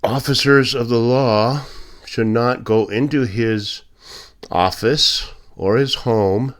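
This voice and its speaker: A man's voice: mid-range voice, slow pace. A man delivering a blunt, indignant opinion monologue as a podcast host, with sarcastic asides. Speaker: political commentator.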